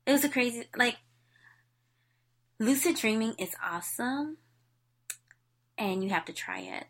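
A young woman co-hosting a podcast, chatting in a bubbly, excitable way and laughing often. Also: a little high, measured pace. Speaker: podcast co-host. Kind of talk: casual chat.

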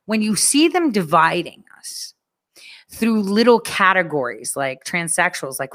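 A woman's voice: fairly low pitch, very animated, measured pace, fairly bright tone. A woman telling a story in a casual, sarcastic rant, swearing freely and acting out what others said.

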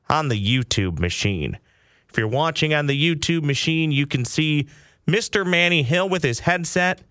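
A man hosting a sports podcast, talking in an excitable, playful patter. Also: medium pitch, dry recording, clean studio sound. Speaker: podcast host. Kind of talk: casual sports podcast chat. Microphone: headphones with studio mic.

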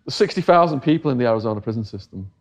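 A man's voice: medium pitch, expressive, very fast. A middle-aged English man telling a long story in a casual interview, acting out the voices of the people he quotes. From England. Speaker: interview guest.

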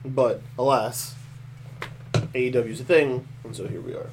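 A man co-hosting a casual podcast, talking in an animated, opinionated way and laughing often. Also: medium pitch, normal speed, noisy background. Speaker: podcast co-host. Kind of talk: casual chat.

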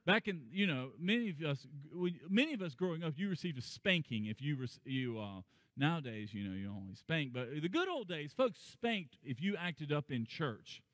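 A man preaching a sermon in a conversational way, his voice rising higher and louder when he stresses a point. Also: sing-song, normal speed, no echo, big-room sound. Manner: conversational preaching that climbs in pitch and volume for emphasis. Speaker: pastor.

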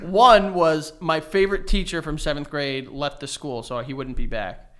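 A man in his thirties co-hosting a podcast, telling stories in casual chat and breaking into loud bursts of laughter. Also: fairly high pitch, fairly even intonation, normal speed. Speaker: podcast co-host.

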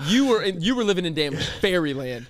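A young man co-hosting a podcast, chatting casually and teasing with quick, blunt jokes. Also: sits high, big pitch swings. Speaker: podcast co-host. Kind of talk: casual chat.

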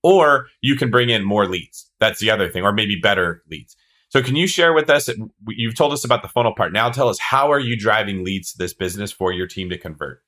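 A man hosting a podcast, with a fairly low voice that has a bright, forceful edge. He talks with energy and breaks ideas down into smaller pieces. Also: animated, fairly quick. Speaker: podcast host. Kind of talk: podcast interview.

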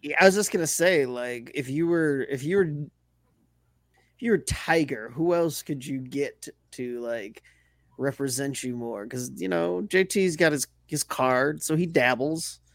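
A man's voice: on the high side, a little slow, dry recording, studio quality. A man co-hosting a sports podcast, laid-back and wry, in casual chat. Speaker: podcast co-host.

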